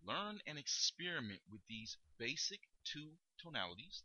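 A man's voice: on the high side, big pitch swings, normal speed, few pauses, pushed and bright, breathy edge, no echo, dull audio. A man hosting a podcast, coaching listeners in an emphatic, instructive way. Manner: coaching, emphatic, demonstrates tones. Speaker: podcast host.

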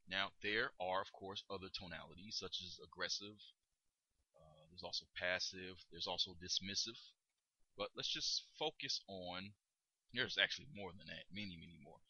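A man's voice: low voice, pushed and bright, slightly rough, no room sound, low-quality recording. A man hosting a podcast, coaching listeners in an emphatic, instructive way. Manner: coaching, emphatic, demonstrates tones. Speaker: podcast host.

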